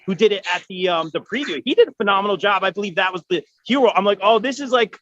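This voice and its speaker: A man interviewing at an event outdoors, hyped and loud, as if talking over a crowd. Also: high-pitched, lively intonation, fast talker, dry recording, lo-fi sound. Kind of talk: casual interview.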